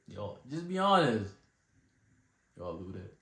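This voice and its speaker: A man's voice: on the low side, very animated, slow, sharp tone, echoey room, slight background noise. A man reacting casually to a comedy clip with slang-heavy asides. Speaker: reaction video host.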